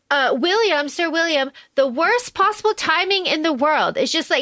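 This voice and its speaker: Woman podcast co-host, casual film recap, high voice, bright tone, dry close sound. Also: moderate pace, no room sound. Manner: animated, swearing, acts out lines in raised voices. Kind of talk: casual chat.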